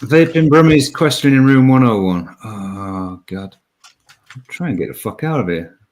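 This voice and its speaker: A man's voice: medium pitch, animated, measured pace, darkish tone. A male host running a casual live chat show, teasing his guests with crude, sweary banter.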